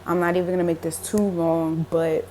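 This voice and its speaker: Speaking at a normal speed with a level, warm tone and fairly low pitch, a young woman shares a religious dream in a casual, emotional testimony for her vlog. She leans heavily on fillers such as "like" and "um," over a slight hiss or hum.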